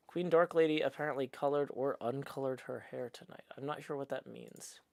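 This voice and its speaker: A man's voice: mid-range voice, moderate pace, vocal fry, dry recording. A middle-aged man, chatting casually on a live stream in his apartment, rambling and self-mocking as he reads chat aloud into a desk mic. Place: apartment room. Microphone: desk microphone.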